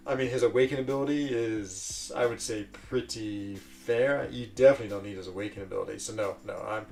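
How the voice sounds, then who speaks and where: Chatty man streaming with gravelly voice. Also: lowish voice, far from the mic. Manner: chatty, rambling, answers chat messages. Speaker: streamer reading chat. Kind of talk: casual live-stream chat. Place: lives in a village in Switzerland.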